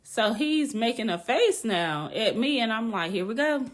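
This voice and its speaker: A woman with a slightly high voice hosts a casual storytelling podcast. She talks in an animated, emphatic way, laughs often, and swears bluntly to drive her points home. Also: moderate pace. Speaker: podcast host.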